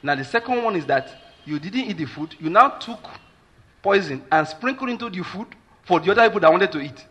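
Preaching briskly with lively intonation, a Nigerian-accented male pastor uses a husky, forceful voice that runs slightly higher than typical for a man. He drives his points emphatically, slips into Pidgin now and then, and keeps checking that the congregation follows.

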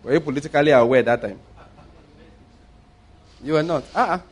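A man's voice: fairly high pitch, a little fast, slightly rough. Nigerian man preaching a sermon. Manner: anecdotal, swings between loud emphasis and quiet asides.

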